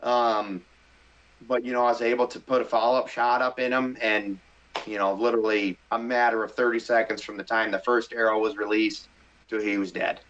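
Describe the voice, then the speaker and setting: A middle-aged man from the Midwest telling a story in a casual interview, animated and excitable, acting out his own thoughts. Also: on the low side, brisk. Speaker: hunting show host, podcast guest. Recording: slightly dull podcast audio.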